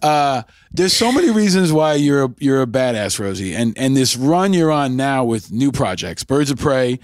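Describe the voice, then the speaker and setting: A man's voice: medium pitch, sing-song, moderate pace, no room sound, clean studio sound. A man hosting an interview, asking long, rambling, effusive questions. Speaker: podcast host.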